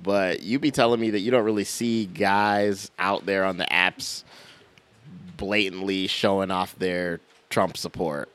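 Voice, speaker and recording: A young man with a lowish voice, chatting on a podcast. He is laid-back and teasing, and he laughs easily. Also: steady tone, unhurried, a bit bright, smooth. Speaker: podcast co-host. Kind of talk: casual chat.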